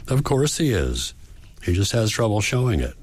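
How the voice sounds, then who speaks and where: A man's voice: on the low side, very animated, moderate pace, breathy edge, dry recording, voice pushed up. A man voicing a young woman, a granddaughter, speaking earnestly and pleadingly to her grandfather. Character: young adult granddaughter, worried and caring.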